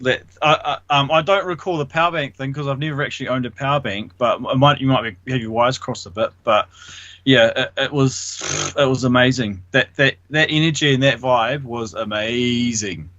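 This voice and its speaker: A man's voice: medium pitch, normal speed, bright, forceful tone, no echo. A man, a guest on a radio chat, eagerly telling protest stories with lots of "like". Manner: eager, laughs often, fillers like "like". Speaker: radio show guest, activist. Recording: dull lo-fi line, dry.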